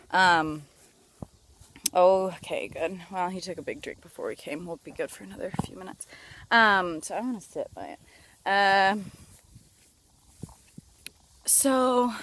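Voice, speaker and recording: Young woman rambling to camera outside in a park, kinda low voice, lots of ums. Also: unhurried, a bit bright. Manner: rambling, with frequent fillers and restarts. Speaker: vlogger. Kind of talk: casual outdoor vlog talk. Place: outdoors in a park.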